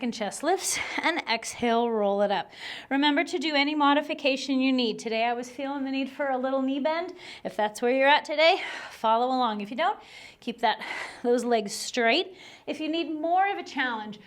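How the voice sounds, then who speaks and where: A woman leading a guided Pilates workout, cueing each move while exercising along and a little out of breath. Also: on the high side. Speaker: Pilates instructor.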